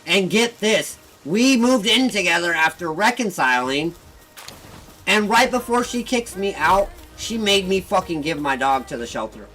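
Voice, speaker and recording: A man hosting a gaming channel, ranting heatedly and with lots of swearing about his personal troubles, flipping between bitter muttering and loud outbursts. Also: high voice, lively intonation, a little slow, poor audio. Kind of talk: venting casual rant. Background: faint background music.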